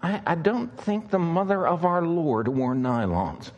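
A man plays a gentle old traveling preacher, mild and quietly witty. His replies come unhurried and soft-spoken, a little higher than his usual voice. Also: big pitch swings. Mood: gently wry.

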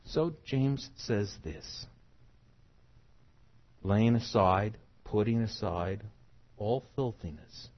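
A middle-aged man from the United States preaching a sermon, emphatic, swinging from soft to loud. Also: fairly low pitch, very slow, pauses often, muffled recording.

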